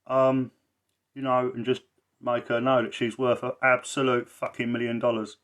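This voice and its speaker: A man's voice: mid-range voice, level tone, normal speed, fairly bright tone. A man talking in a blunt, rambling way on a casual livestream, swearing a lot and repeating himself for emphasis. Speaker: livestreamer and social care campaigner.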